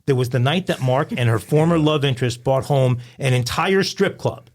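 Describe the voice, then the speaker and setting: A man co-hosting a crime podcast, reading out a news story in a steady storytelling way with wry asides. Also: medium pitch, moderate pace. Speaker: podcast co-host.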